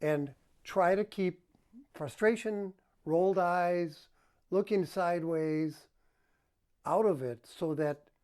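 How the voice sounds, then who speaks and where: A man's voice: fairly high pitch, warm tone. A man working as a relationship counselor, giving advice to the camera in a coaching manner and acting out example tones of voice.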